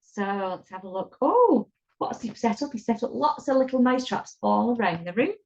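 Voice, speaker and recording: A woman's voice: on the high side, big pitch swings, moderate pace, gravelly. A woman reading a picture book aloud to children, chatty and playful, stopping to ask the listener questions. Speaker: storyteller. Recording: dull lo-fi recording.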